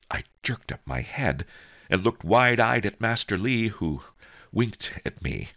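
A man narrating a first-person audiobook in a wry, measured way. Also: on the low side, sing-song, fairly bright tone, dry recording.

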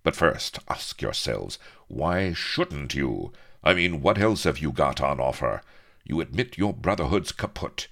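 A man's voice: a bass voice, very animated, measured pace, creaky, a bit bright, heavily acted. A man voicing a dashing, boastful young naval adventurer who declaims boldly and theatrically. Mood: rousing.

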